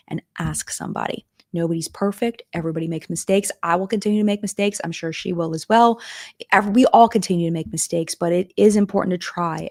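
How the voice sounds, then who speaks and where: A woman's voice: lowish voice, gravelly, a little mellow, no room sound, studio quality. A middle-aged woman hosting a live-stream chat, talking casually and emotionally, with many fillers and restarts. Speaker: live-stream commentary host.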